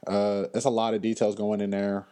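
Solo podcast host, male, lowish voice, casual chat, animated, blunt and slangy. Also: clean tone. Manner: frequent fillers and pauses.

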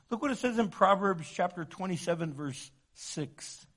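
A male pastor preaching a sermon, moving between loud emphatic passages and hushed ones. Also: a little high, sing-song, moderate pace, hardly any pauses.

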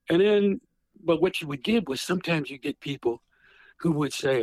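A man's voice: fairly high pitch, moderate pace, darkish tone, no room sound, low-quality recording. A man in his sixties, a retired prosecutor and guest author, telling stories animatedly over a phone handset. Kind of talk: storytelling interview.

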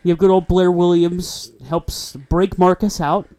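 A man's voice: sits high, fairly even intonation, measured pace, warm tone. A man co-hosting a casual movie-review podcast, laid-back and agreeable as he walks through the plot. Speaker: podcast co-host.

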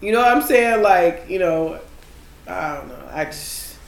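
A young woman in casual group chat, animated and swearing when worked up. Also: fairly low pitch, a little slow. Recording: echoey room with faint noise.

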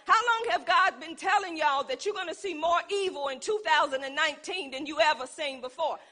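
Fervent high-voiced woman preaching. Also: brisk, sharp tone. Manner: call-and-response preaching, rising to fervent emphasis. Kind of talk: sermon.

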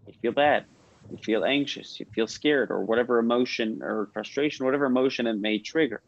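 Brisk and gravelly, a medium-pitched man teaches a class as a rabbi, relaxed and conversational, telling stories, restarting often and questioning those listening. The audio is a bit muffled and carries faint noise.

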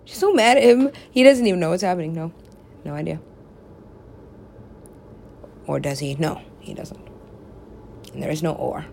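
A woman's voice: low voice, darkish tone, a little hiss or hum. A young woman in casual chat with friends, rambling, laughing often and swearing freely.

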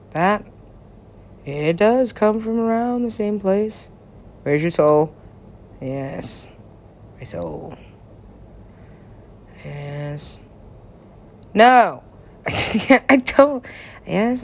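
A woman's voice: mid-range voice, animated, very slow, long pauses. A woman talking in a rambling, meandering monologue, often giggling and swearing casually.

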